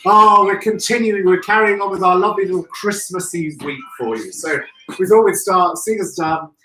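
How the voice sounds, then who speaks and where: A man's voice: sits high, normal speed, sharp tone, soft background music. Effusive chatty man in echoey room. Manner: chatty, effusive, greets viewers by name. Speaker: host of a live florist show. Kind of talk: live-stream chat. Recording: echoey room, distant from mic.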